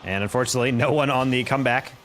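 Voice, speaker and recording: A young man from New York casting a live esports match, calling plays quickly and chatting with his stream viewers in between. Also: medium pitch. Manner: rapid play-by-play that jumps up in excitement, chatting with viewers between plays. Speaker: esports caster. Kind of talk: live-streamed play-by-play commentary with chat.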